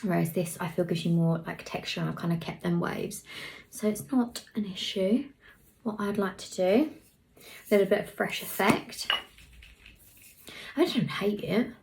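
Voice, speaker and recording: A young woman talks through a hair tutorial in a chatty, easygoing way. She mutters asides under her breath as she works. Her voice has a gravelly, creaky texture. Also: medium pitch, moderate pace, pauses often, a little mellow, slight background noise. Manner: chatty, talks while working, drops into murmurs. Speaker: hairstylist vlogger.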